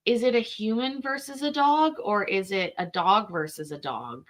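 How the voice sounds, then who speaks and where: A woman's voice: medium pitch, animated, normal speed, few pauses. A woman born in Scotland, hosting a casual stream and rambling through answers to viewer comments with lots of fillers. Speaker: streamer host.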